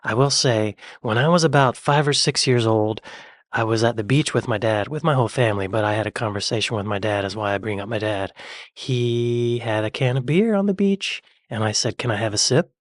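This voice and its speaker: A man's voice: on the low side, brisk, dry recording, clean studio sound. A man hosting a reaction video, chatting casually in a joking, sarcastic way. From United States.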